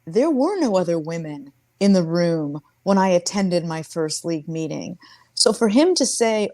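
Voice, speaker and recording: A woman's voice: medium pitch, expressive, normal speed, dark tone, no room sound. A woman in her sixties speaking earnestly and reflectively as an interview guest, often restarting her sentences. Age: 60s. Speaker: interview guest, former sports team executive. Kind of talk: conversational interview storytelling.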